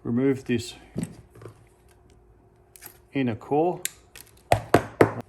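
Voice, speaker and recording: An Australian man walks through a practical task step by step in a laid-back, everyday way. He speaks slowly at a middling pitch and pauses with small fillers and quick self-corrections. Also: slight background noise. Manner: relaxed, unhurried, self-correcting with "uh" and "sorry, correction". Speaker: amateur radio hobbyist. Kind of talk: casual how-to demonstration.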